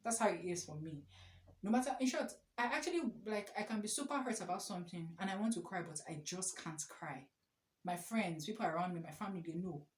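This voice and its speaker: A young woman telling an animated, exclamatory storytime story. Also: fairly low pitch, brisk. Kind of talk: casual storytime. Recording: echoey room.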